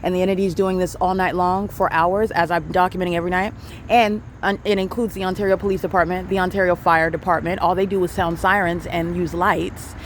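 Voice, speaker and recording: Fast-talking street vlogger, urgent and repetitive, faint traffic noise behind. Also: mid-range voice, level tone. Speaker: self-documenting vlogger. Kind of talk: street narration to camera. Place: city street outdoors at night.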